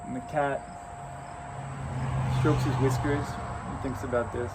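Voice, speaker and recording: Chatty storyteller outdoors among crickets. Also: male voice, mid-range voice, flat delivery, a little slow, long pauses, very noisy. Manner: loose and chatty, with asides and restarts. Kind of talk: improvised oral storytelling. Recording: outdoor recording with loud crickets.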